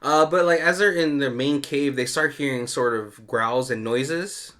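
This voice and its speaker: Bright-voiced man recapping a movie. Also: mid-range voice, measured pace. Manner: animated storytelling with frequent laughs. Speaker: podcast co-host. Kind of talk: casual movie commentary chat.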